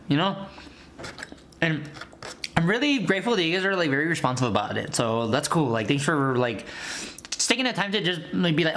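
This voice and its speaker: A man's voice: fairly high pitch, big pitch swings, fairly quick, a bit bright. Chatty man eating on a food vlog. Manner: chatty, talks to viewers as "guys" while eating; eats between lines with food noises. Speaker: food and movie vlogger. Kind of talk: casual mukbang chat and movie review.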